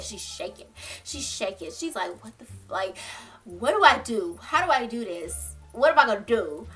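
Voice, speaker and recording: A young woman telling a story to her viewers in casual, slangy talk, acting out quotes and laughing as she goes. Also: a little high. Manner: animated, slangy, laughs often, acts out quotes. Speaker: storytime vlogger.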